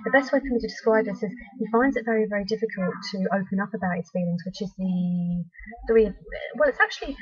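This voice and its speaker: A woman's voice: medium pitch, quick pace, husky. A woman psychic chatting on a live web stream, reading viewers' messages aloud and giving tarot readings with frequent ums. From United Kingdom. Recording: dull lo-fi web stream audio.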